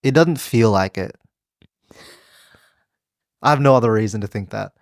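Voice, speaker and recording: A man's voice: lowish voice, normal speed, creaky, no echo, clean studio sound. Rambling man in casual podcast chat. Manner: rambling, heavy use of "like", restarts. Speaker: podcast co-host and quiz contestant.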